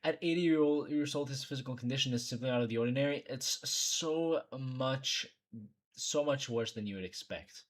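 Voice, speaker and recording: A man's voice: medium pitch, normal speed. Profane ranting young streamer man. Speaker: streamer host. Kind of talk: casual reaction stream commentary.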